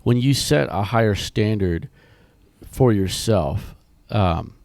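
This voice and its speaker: A man co-hosting a ministry podcast in casual chat, talking in loose, restarting sentences while his voice is rough from being sick. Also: on the low side, animated, slow, a little mellow, no room sound. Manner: rambling, many restarts and fillers. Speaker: podcast co-host.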